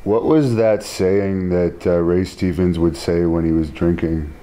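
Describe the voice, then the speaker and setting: Low-voiced guy interviewer, mellow tone, kinda hesitant. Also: fairly even intonation, measured pace. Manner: easygoing, hesitant questions with fillers. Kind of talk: interview questions.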